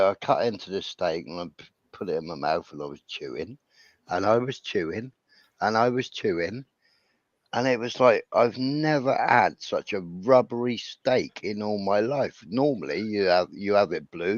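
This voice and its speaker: A man's voice: lowish voice, dry recording. A man tells a casual, rambling story, often adding "right?" and "you know". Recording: dull lo-fi sound.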